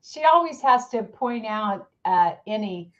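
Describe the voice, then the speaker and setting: A woman's voice: medium pitch, lively intonation, measured pace, lo-fi sound. A woman gossiping and mocking someone in casual livestream chat. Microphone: livestream mic.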